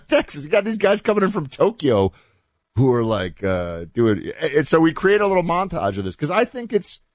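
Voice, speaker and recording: A man hosting a talk show, chatting in a loose, animated monologue with asides that trail off quietly. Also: on the high side, moderate pace, no echo. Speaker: host.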